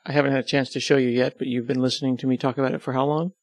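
A man's voice: mid-range voice, level tone, rapid-fire, no echo. A man answering questions in a casual podcast chat, teasing and rambling, self-deprecating about himself. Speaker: podcast host and web developer, as guest.

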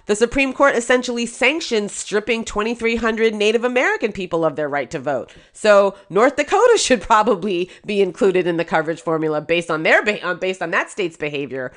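A woman co-hosting a podcast, talking politics in a casual, indignant way with quick laughing asides. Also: mid-range voice, lively intonation. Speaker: podcast co-host.

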